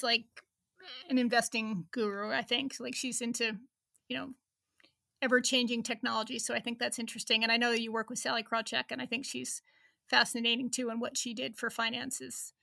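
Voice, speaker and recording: A woman's voice: fairly high pitch, gravelly, sharp tone, no room sound, clean studio sound. A woman in her fifties, a reporter chatting as an interview guest, laughing often and restarting her sentences. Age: 50s. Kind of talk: casual interview chat.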